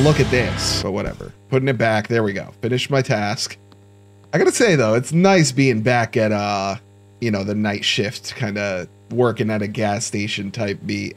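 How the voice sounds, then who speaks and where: Young man, gaming commentary, playful, lively mid-pitched voice, faint music behind. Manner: joking, talks to himself, quick startled outbursts. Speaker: gaming YouTuber. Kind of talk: casual let's-play commentary.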